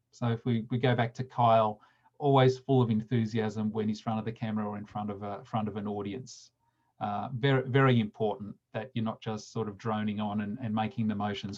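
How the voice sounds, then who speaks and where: A man's voice: mid-range voice, a little mellow, muffled recording. A man giving public speaking tips at a committee meeting, often repeating words and restarting phrases. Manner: slows down sharply to demonstrate emphasis. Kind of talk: instructional talk at a meeting.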